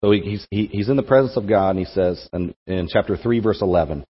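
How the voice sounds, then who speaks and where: A man's voice: deep voice, fast, hardly any pauses, slightly rough. A young man giving a conversational sermon to a campus group, repeating words as he thinks aloud. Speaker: campus ministry speaker. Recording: echoey hall, dull lo-fi sound.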